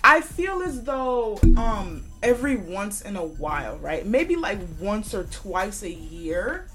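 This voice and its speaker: A woman's voice: mid-range voice, sing-song, slow, fairly bright tone, faint music behind. A young woman hosting a casual solo podcast, talking bluntly with lots of swearing and frequent laughs. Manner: blunt and profane, laughs often. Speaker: podcast host.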